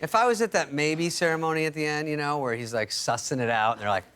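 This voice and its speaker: A man's voice: on the high side, fast talker, fairly bright tone. A middle-aged man, a talk show guest, telling a comic story in a wry, mocking way and acting out the voices of the people in it.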